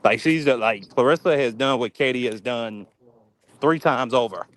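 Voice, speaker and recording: A man's voice: mid-range voice, normal speed, fairly bright tone. A man on a casual livestream panel, blunt and opinionated, laughing as he talks. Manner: blunt, opinionated, laughs at his own stories.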